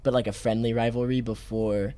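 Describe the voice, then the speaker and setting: A man's voice: mid-range voice, level tone, fairly quick, warm tone, clear, resonant tone. A man co-hosting a podcast in casual chat, hesitant, repeating words and laughing easily. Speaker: podcast co-host.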